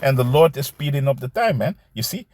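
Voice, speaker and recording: A man teaching scripture in a loose, conversational way, reading verses slowly and commenting, often adding "man" and "you see". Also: mid-range voice, animated, darkish tone, no echo. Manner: reads verses aloud slowly, then comments.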